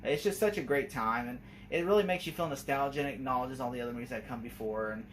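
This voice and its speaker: A young man casually reviewing a horror movie, rambling and excitable, often laughing and acting out lines. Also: medium pitch, fast talker, slight background noise.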